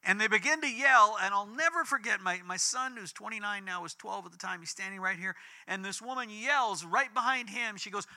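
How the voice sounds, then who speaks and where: A man in his fifties preaching a sermon, telling a personal story with big swings between loud and hushed. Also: a little fast, hardly any pauses. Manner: animated storytelling with big swings in pitch and volume. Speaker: pastor.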